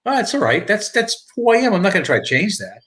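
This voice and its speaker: A man's voice: sits high, sing-song, fast, a bit bright. A middle-aged man from New York with a thick New York accent, hosting a casual live stream chat, rambling with restarts and reading viewer comments. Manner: rambling, repeats and restarts, reads chat aloud.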